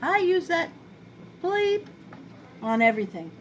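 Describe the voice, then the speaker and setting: Her voice extremely high and sing-song, a middle-aged New York woman talks at a measured pace as she cooks in her kitchen for a vlog. She's rambling, chatty, and self-deprecating, and the home recording sounds dull with clear background noise.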